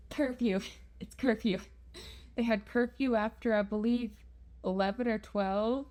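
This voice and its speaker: A woman's voice: mid-range voice, slow, long pauses, a little mellow. A young woman telling a travel story in a chatty, self-deprecating vlog. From United States. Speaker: travel vlogger.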